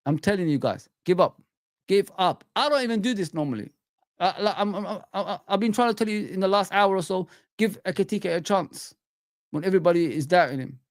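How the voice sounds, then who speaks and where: A man's voice: high-pitched, animated, fairly quick, dry recording, clean studio sound. A young man hosting a casual live stream, reading out the chat and giving blunt, slangy football opinions. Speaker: livestream host reading chat.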